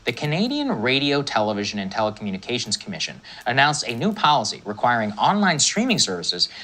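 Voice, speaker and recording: A commentator reading scripted political news in a crisp, polished manner. The voice is bright and tense, with a lively, swinging pitch. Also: quick pace.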